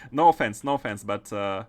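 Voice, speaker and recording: Hesitant man streaming a game. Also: on the low side. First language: French. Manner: hesitant, many fillers and restarts. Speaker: gaming streamer. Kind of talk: casual livestream chat while playing.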